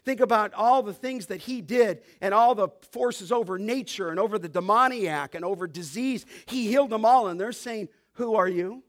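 A male pastor preaching an expository sermon, pressing his points hard and getting louder on scripture. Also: high-pitched, normal speed, hardly any pauses. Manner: emphatic preaching, rising loud on scripture.

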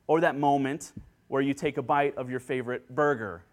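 A man preaching a sermon as pastor, earnest and excitable, acting out joyful quotes, speaking into a handheld microphone. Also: medium pitch, normal speed. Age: adult with children.

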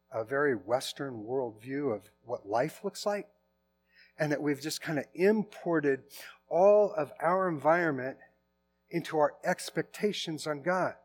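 A middle-aged man delivers a sermon in an easy, conversational way rather than a formal one. His voice sits a little high for a man. He often trips into restarts and corrects himself mid-thought, and soft music plays faintly behind him. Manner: informal, with frequent restarts and self-corrections. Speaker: pastor.

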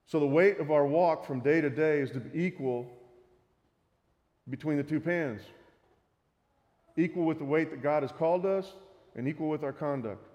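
A man preaching a sermon, reading Bible passages aloud and explaining them with measured emphasis. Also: on the high side, a little mellow, lo-fi sound. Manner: reads scripture aloud, then teaches. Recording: reverberant hall.

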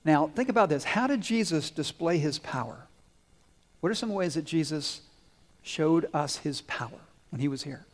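A man giving a children's sermon, asking the kids questions and telling stories, growing loud at the climaxes. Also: a little high, moderate pace. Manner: asks the kids questions and waits for answers; animated storyteller, swells loud on climaxes. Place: church sanctuary. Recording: long hall reverb.

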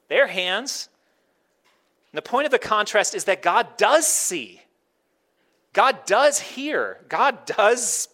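A man's voice: high-pitched, pushed and bright. A man preaching a sermon in a conversational way, often slipping into quoted voices to make his point. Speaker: pastor.

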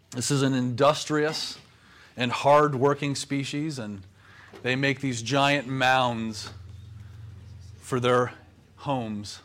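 A man preaches a sermon in a measured, steady voice of middle pitch. He pauses often between phrases as he works through his text. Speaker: pastor.

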